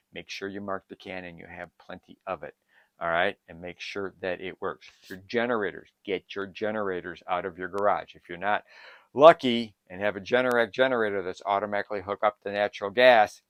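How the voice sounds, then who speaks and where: Older man, lowish voice, eager and rambling prep advice, dry close recording. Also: no echo. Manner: excitable, rambling, jumps between topics. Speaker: prepping channel host. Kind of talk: casual advice to camera.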